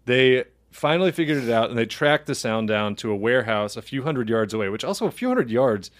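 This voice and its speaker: A man's voice: medium pitch, lively intonation, brisk. A man co-hosting a comedy podcast, telling a story in a rambling way, laughing often and acting out quoted voices. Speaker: podcast co-host. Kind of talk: casual comedic chat.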